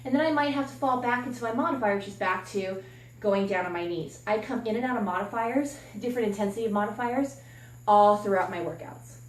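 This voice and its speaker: A woman's voice: mid-range voice, brisk, recorded from a distance, slight background noise. A woman fitness coach talking candidly and encouragingly while demonstrating a workout, sometimes slightly out of breath. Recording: echoey room from off-mic.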